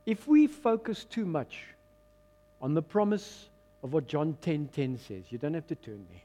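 Brief: South African male pastor, middle-aged, high voice, preaching with lively call-and-response energy. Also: unhurried. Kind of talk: sermon.

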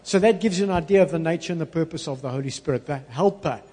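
A man preaching a sermon, stressing words slowly and calling on the congregation to repeat after him. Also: on the high side, mellow, husky. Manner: call-and-response with congregation; emphatic, slows down to stress words. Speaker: pastor. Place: church hall. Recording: long reverb in a large hall.

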